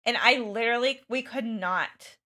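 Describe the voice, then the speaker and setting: A woman's voice: fairly high pitch, moderate pace, sharp tone. A young woman teacher chatting casually while she plays a game, rambling with many fillers and restarts and laughing often. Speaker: teacher and content creator. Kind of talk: casual storytelling chat while gaming.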